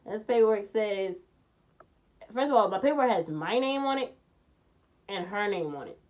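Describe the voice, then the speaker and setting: A woman vlogger telling a personal story in a blunt, profane, animated way, jumping from loud outbursts to low muttering. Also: normal speed. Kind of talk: casual storytime vlog.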